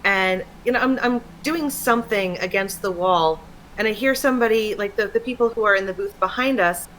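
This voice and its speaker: A woman chatting casually on a stream, telling stories in a lively way and laughing often. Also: medium pitch, a little fast, rough recording. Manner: animated storytelling, laughs often. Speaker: streamer co-host. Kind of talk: casual chat. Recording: faint background noise.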